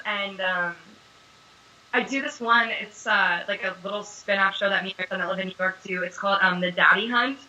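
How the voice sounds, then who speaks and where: Bright-voiced chatty young woman. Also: mid-range voice, lo-fi sound. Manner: chatty, animated storyteller, many fillers. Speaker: actress being interviewed. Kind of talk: casual interview chat.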